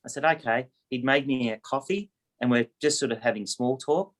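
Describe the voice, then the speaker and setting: Aussie agent, animated storyteller, mid-range voice, casual coaching tone. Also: male voice, mid-range voice, brisk. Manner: animated anecdote teller, lively, acts out quotes. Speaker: real estate agent.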